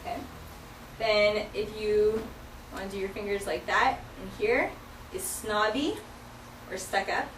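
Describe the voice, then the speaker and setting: A woman's voice: mid-range voice, a little slow, long pauses, fairly bright tone, a little hiss or hum. A woman teaching a sign language vocabulary lesson in a classroom, explaining each sign patiently, step by step, with many fillers. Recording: echoey classroom from far off.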